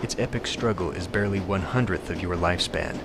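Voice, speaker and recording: Dude reading an old dragon posing as a suave guy, slow and lofty, lowish voice, noisy bg. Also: vocal fry. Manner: slow, lofty, philosophical speech. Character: ancient dragon disguised as a suave man, lofty.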